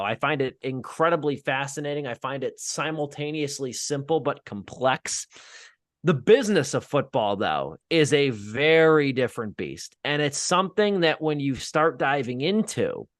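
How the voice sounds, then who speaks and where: A man hosting a podcast, talking in a loose, rambling way with self-mocking humor. His voice sits at a medium pitch and is recorded close and dry on a podcast mic, with no room sound. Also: a bit bright, no room sound. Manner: chatty, rambling, self-deprecating, swears. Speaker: podcast host. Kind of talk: casual podcast chat.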